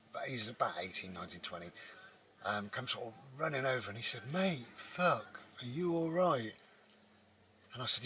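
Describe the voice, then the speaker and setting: A man's voice: on the low side, sharp tone, a little hiss or hum, low-quality recording. A man, a vlogger, telling a personal story in a rambling, casual way with many restarts. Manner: rambling, with frequent restarts and fillers.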